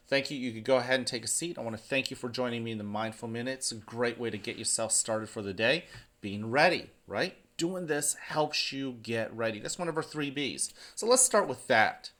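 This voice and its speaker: A man's voice: medium pitch, animated, brisk, a bit bright. A man who is a school principal, giving morning announcements and speaking encouragingly to students.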